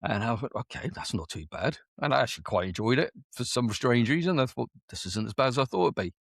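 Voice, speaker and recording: An army veteran from the United Kingdom, now a business owner and in his forties, talks fast in an animated, mid-range voice. He shares his story in a relaxed, chatty interview, quoting dialogue throughout. The studio-quality recording has no echo.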